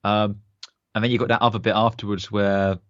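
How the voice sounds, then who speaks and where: A man's voice: lowish voice, level tone, brisk, dry recording, lo-fi sound. A young man co-hosting a podcast in casual chat, enthusiastic and rambling with many fillers. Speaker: podcast co-host.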